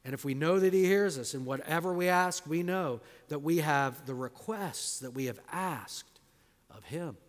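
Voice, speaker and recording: A man preaching an expository sermon, stressing words loudly and dropping to quiet, low endings, sometimes drawing single words out slowly. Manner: emphatic, swings between loud stresses and quiet low endings; drawn-out slow emphasis on key words. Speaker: pastor. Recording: long hall reverb.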